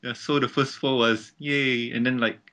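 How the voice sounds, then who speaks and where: Bright-voiced man, rambling and laughing. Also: mid-range voice, fairly even intonation, moderate pace. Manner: rambling, laughs often, stammers. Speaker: podcast host, guest. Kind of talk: casual chat over an online call.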